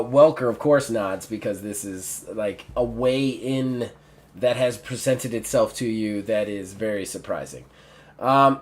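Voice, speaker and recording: A man running a tabletop game as game master, narrating in a rambling way full of fillers and restarts. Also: medium pitch. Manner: rambling, filler-heavy, self-correcting.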